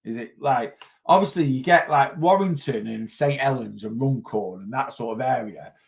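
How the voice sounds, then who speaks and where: A man's voice: mid-range voice, moderate pace, creaky. A man from the North West of England talks loosely and at length. He is a weight loss coach on a casual livestream, rambling along and picking up viewer comments in an ordinary mid-range voice.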